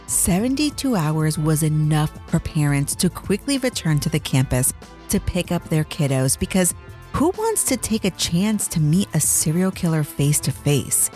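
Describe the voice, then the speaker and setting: A woman's voice: sits low, a little mellow. A woman hosting a true crime podcast, telling the story as scripted narration with dramatic build-up and chatty asides to the listener.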